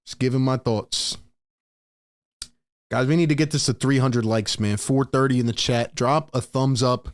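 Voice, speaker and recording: A young American man with a fairly high voice calls the plays on a live stream and vents to the chat. He talks in blunt, casual slang, frustrated and direct. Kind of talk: live play-by-play and reaction stream.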